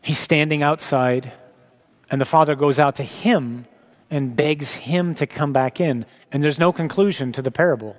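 A man's voice: on the high side, normal speed. A man preaching a sermon, reading scripture and teaching in an earnest, reflective way.

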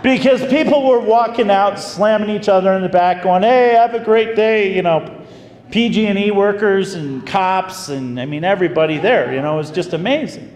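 A man preaching as a pastor, telling a story in an animated, folksy way. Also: high voice, moderate pace, a little hiss or hum. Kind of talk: storytelling sermon. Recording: echoey hall with faint ambience.

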